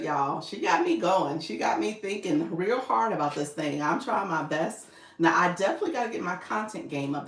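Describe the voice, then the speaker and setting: A woman coaching viewers on a live stream, chatting casually, laughing often and reading their comments aloud. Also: on the low side. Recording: echoey room.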